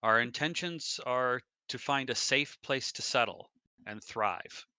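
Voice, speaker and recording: A man playing a tabletop role-playing game, speaking in an earnest, measured way as his character. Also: mid-range voice, bright, forceful tone, clean tone, no room sound. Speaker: player.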